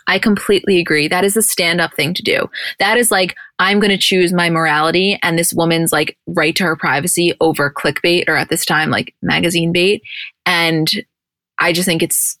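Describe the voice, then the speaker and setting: A woman's voice: fairly low pitch, normal speed, dry recording, clean studio sound. A woman co-hosting a podcast, recapping a reality show in casual chat and acting out the quotes. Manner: animated, acts out quotes from the show. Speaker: podcast co-host.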